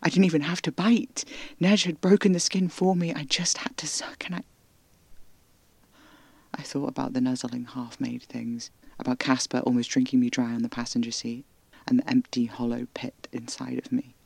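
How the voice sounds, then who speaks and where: A man narrating a first-person horror audio drama in a hushed, intimate way, often slipping into breathy whispers. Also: medium pitch, level tone, normal speed, no echo.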